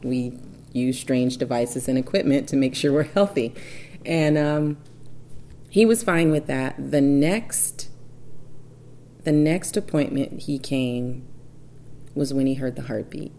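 A woman in her thirties tells a personal story in a casual, chatty way. Her voice sits very low and sounds mellow and warm. She jumps into quoted dialogue with animated bursts. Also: slow, gravelly, long pauses.

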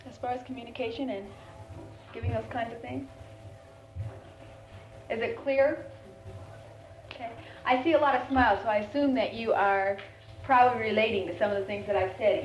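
A woman leading a live seminar on family communication, talking with her audience in a conversational way and acting out quoted family scenes. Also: a little high. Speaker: seminar leader. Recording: echoey lo-fi room recording with faint hiss.

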